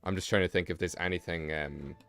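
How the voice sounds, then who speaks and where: A man's voice: low voice, steady tone, brisk, a bit bright, no echo, faint music behind. A young British man streaming live, chatting casually and rambling with self-mocking asides while he draws. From Britain.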